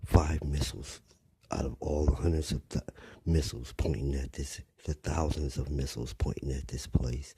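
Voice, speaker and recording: An older man delivering a blunt, rambling monologue, often dropping to a rough whisper. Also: very deep voice, flat delivery, moderate pace, mellow. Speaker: commentator. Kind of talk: preachy monologue.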